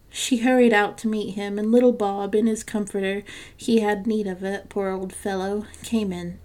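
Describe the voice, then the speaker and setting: A woman narrating a classic story for a podcast in a measured, gentle reading. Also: mid-range voice, flat delivery.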